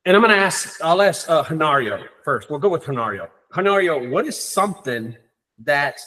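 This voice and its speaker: A man hosting a group meeting, talking in an excited, rambling way with many fillers. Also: a little high, normal speed. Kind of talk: casual group meeting talk.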